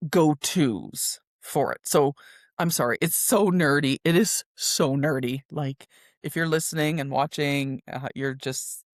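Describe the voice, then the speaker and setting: Woman, low voice, dry close sound, casual solo podcast host, chatty, self-deprecating. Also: no echo. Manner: chatty, self-deprecating, with filler words and restarts. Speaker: podcast host and indie author.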